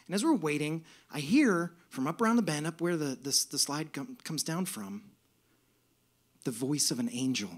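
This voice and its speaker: A man telling a comic personal story live on stage, in an animated, self-mocking way. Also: a little high, normal speed. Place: stage at a music venue.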